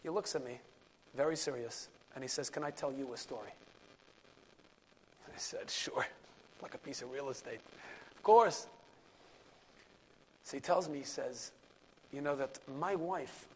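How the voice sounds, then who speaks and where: A man, a rabbi, telling a story in a class, animated, dropping to a hush at key moments and mixing in Yiddish and Hebrew words. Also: medium pitch, measured pace, pauses often, a little hiss or hum. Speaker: rabbi and lecturer.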